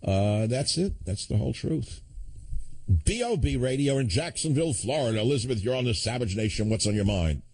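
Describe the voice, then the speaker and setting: A male radio host takes calls and comments on them in a combative, sardonic tone. He often breaks into chuckling asides. His voice sits at an average pitch for a man. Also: expressive, a little fast, a little mellow. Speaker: radio talk show host. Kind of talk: call-in talk radio.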